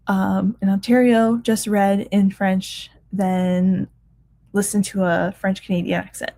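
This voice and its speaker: Tired woman in her 30s chatting on a reading stream, lots of ums, mid pitch. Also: level tone, takes it slowly, dark tone. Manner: chatty, many ums and restarts, laughs often. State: tired, yawning. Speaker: reading sprint livestream host. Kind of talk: casual chat reading live comments.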